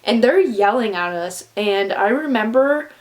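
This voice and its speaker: A young woman telling a personal story in a casual, animated way, full of "like" and the odd swear word. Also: a little high, measured pace. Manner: animated, fillers of "like", swears for emphasis.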